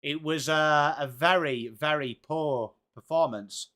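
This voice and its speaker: English man, livestream host, casual chat, upbeat, greets viewers by name, slightly high voice. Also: takes it slowly, fairly bright tone. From England. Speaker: livestream host of a football watchalong.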